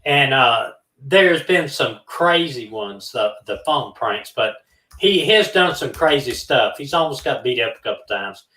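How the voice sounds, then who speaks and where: Animated man telling phone stories. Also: mid-range voice, measured pace, distant mic. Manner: animated, acts out both sides of phone calls. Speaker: co-host of a true-crime live stream. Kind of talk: casual storytelling. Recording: roomy, from off the mic.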